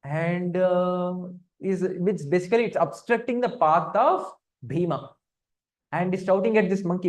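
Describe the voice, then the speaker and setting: High-voiced scripture teacher. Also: male voice, measured pace. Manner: interactive, asks the audience questions, frequent hums. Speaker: spiritual teacher. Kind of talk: scripture study class.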